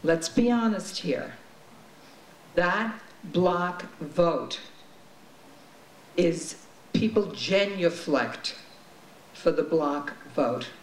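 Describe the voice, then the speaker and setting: Man, public commenter, slow deliberate urging delivery, echoey chamber. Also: a little high, expressive. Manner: forceful, urging. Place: legislature chamber. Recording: echoey chamber with faint noise.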